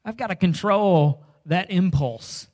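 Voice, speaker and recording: A middle-aged man delivers a comedic sermon with a light, jokey touch. He acts out little voices and scenes, then suddenly bursts into loud lines before settling back into plain storytelling. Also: high voice, slow pace. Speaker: preacher.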